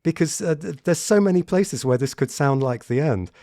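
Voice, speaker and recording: A man teaching a piano piece in a relaxed tutorial, talking thoughtfully and often restarting his sentences. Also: fairly high pitch, moderate pace, no room sound, clean studio sound. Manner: thoughtful, hesitant, repeats words when starting. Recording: piano playing in the background. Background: piano played between remarks.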